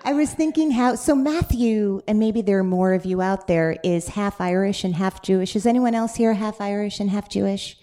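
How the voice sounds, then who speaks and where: A woman hosts a live podcast taping on stage, her talk playful and chatty. She laughs easily as she jokes with her guest, and her voice sits at an ordinary middle pitch. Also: steady tone, normal speed, hardly any pauses, mellow. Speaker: podcast host. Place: stage before a live audience.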